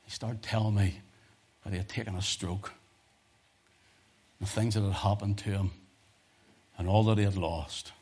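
A male preacher giving a sermon full of personal testimony stories, talking in an animated way that swings from loud emphasis to hushed tones. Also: lowish voice, normal speed, pauses often, breathy edge.

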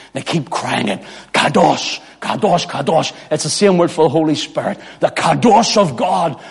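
A man preaching a sermon as pastor, dropping to near whispers and rising to ringing shouted cries. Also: medium pitch, husky. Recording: long hall reverb.

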